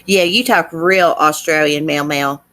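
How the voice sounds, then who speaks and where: Woman, Southern US accent, low voice, chatty livestream host, countrified drawl. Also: unhurried, bright, forceful tone. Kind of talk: casual chat reading live comments.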